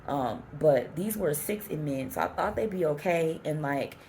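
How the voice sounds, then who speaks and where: A woman's voice: low voice, animated, moderate pace, darkish tone, slight background noise. A woman travel vlogger giving a chatty, rambling recap to the camera. She restarts her sentences often and exclaims as she tells the story. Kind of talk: casual trip recap to camera.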